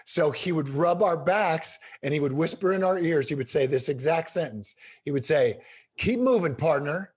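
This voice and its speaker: A middle-aged man telling stories as an interview guest, animated and emphatic. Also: on the high side, moderate pace, few pauses, breathy edge. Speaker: guest speaker. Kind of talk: storytelling in a podcast interview.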